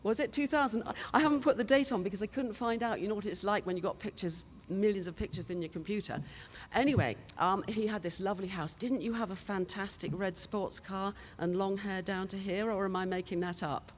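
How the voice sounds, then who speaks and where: An older British woman on a conference panel talks fairly quickly, barely pausing, in a steady mid-range voice. Her handheld mic carries a little hiss or hum as she tells chatty anecdotes with laughs and asides.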